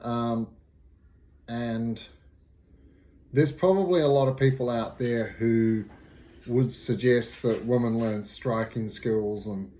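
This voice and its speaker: A man's voice: medium pitch, slight background noise. Middle-aged guy with a cold, nasal voice, easygoing chat with lots of ums, from new zealand. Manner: relaxed, rambling, many fillers. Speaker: martial arts instructor. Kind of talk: casual talk to camera.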